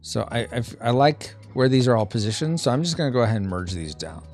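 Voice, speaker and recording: Streamer host, man, chatty and animated, playful asides, faint music bed. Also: medium pitch, fast. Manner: thinks aloud, reads chat, playful sound effects. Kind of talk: casual live-stream chat while drawing.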